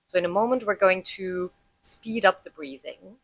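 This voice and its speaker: A woman teaching about heart rate and breath, calmly explaining and guiding listeners through a breathing practice step by step. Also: mid-range voice, moderate pace, no room sound, poor audio. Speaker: breathwork instructor.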